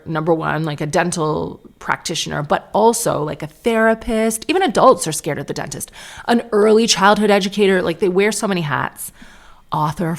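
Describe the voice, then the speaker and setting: A woman in her thirties hosts her own podcast and tells family stories in a loose, chatty monologue. Her voice sits low with a gravelly fry. She leans on "like" constantly and slips into little acted-out quotes of what people said. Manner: chatty, lots of "like", acts out quotes. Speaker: podcast host. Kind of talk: casual solo storytelling.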